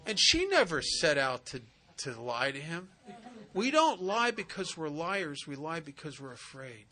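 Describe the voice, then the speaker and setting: A man speaking at a recovery retreat, telling funny stories in an animated, joking way with slangy asides. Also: fairly high pitch, a little slow. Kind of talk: humorous storytelling talk. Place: retreat center meeting.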